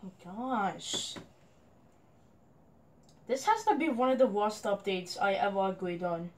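A woman's voice: medium pitch, animated, unhurried, darkish tone, slight background noise. A young woman commenting on her gameplay, frustrated and complaining at a teammate. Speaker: gamer.

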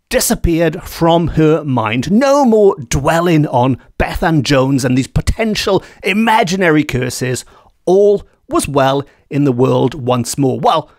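A man's voice: on the high side, no echo, clean studio sound. A man from Wales hosting a storytelling podcast, telling a folk tale in a chatty, digressive and emphatic way.

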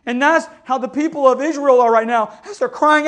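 High-voiced preaching man, impassioned. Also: moderate pace, a bit bright. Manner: impassioned preaching, calls for amens. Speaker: pastor. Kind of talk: sermon.

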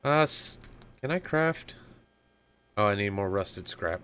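Brief: male let's-player, slow and clear-voiced, jokey and chatty. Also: fairly low pitch, lively intonation, a bit bright. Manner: joking, rambling, talks to himself. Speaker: gaming channel host. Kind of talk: casual gameplay commentary.

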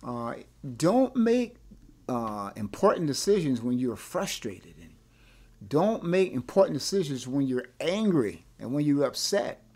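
A male pastor teaching a Bible class, animated, often repeating words and asking rhetorical questions. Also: on the high side, a little slow.

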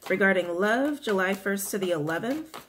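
A woman's voice: medium pitch, expressive, moderate pace, fairly bright tone, a little hiss or hum. Chatty woman giving a tarot reading. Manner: chatty, repeats questions to the cards. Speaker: tarot reader.

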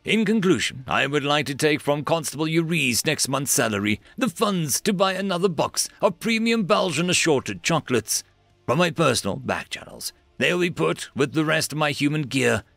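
A man's voice: on the high side, very animated, moderate pace, creaky, a bit bright, no room sound, soft background music. A man narrating a science-fiction story in a dry, storytelling manner, doing occasional voices for the characters.

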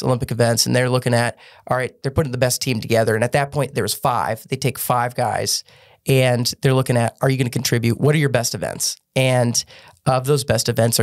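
A man recounts his athletic past in an earnest, unhurried way as a guest on a podcast. His delivery stays even and level, with little rise and fall. Many of his sentences restart partway through. The sound is close and dry, with no room echo. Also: mid-range voice. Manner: earnest, with frequent restarts and fillers. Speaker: podcast guest, former gymnast turned business owner. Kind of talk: casual storytelling interview.

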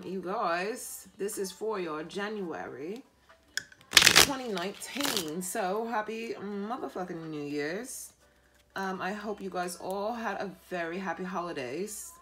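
A woman's voice: medium pitch, noisy background. A woman giving a casual tarot reading, playful and profane, often breaking into laughter. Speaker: tarot reader and life coach.

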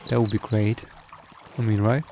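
A man's voice: on the low side, steady tone, moderate pace, mellow, a little hiss or hum. A man casually commenting on a strategy game as he plays, thinking aloud with many ums and reading out the game's prompts. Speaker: gaming video creator. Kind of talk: casual let's-play commentary.

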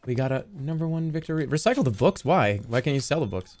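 A man in his thirties streaming a game live, talking in an animated, rambling and profane way. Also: on the high side, quick pace. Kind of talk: live gameplay commentary.

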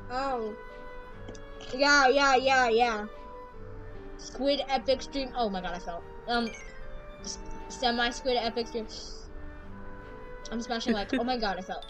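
A woman streaming a game, chatting casually in slang and breaking into loud outbursts. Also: on the high side, steady tone, slow pace, pauses often, poor audio. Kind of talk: casual gaming livestream chat. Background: game music.

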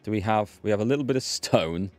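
A man's voice: fairly low pitch, animated, fast talker, a little mellow, soft background music. A man giving casual, rambling commentary while he plays a strategy game, thinking aloud with a self-deprecating humour. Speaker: let's play host.

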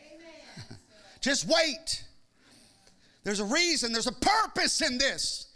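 A male pastor preaching a sermon with a Midwestern American accent, rising from calm teaching to fervent shouted, sing-song cadences. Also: very high-pitched, takes it slowly, pauses often.

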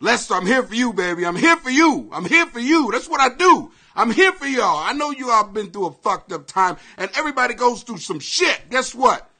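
A male comedian hosting a live podcast, ranting to his viewers in an excitable, profane, rambling way and apologizing often. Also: very high voice, brisk, hardly any pauses.

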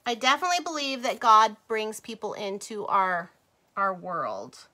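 A woman's voice: medium pitch, lively intonation, normal speed, sharp tone. A middle-aged woman chatting casually with livestream viewers while she crafts, rambling, laughing and drifting off topic. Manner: talks to viewers as "you guys" and "y'all".

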